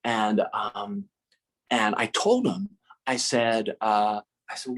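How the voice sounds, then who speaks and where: A man's voice: on the low side, slow. A man telling a casual, funny story, with lots of fillers and restarts and acted-out dialogue. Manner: animated, acts out dialogue with many fillers and restarts. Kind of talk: casual spoken anecdote.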